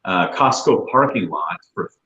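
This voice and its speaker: A man co-hosting a casual livestream, telling rambling, animated stories. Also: low-pitched, a little slow, echoey room, muffled recording. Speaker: real estate agent and livestream co-host.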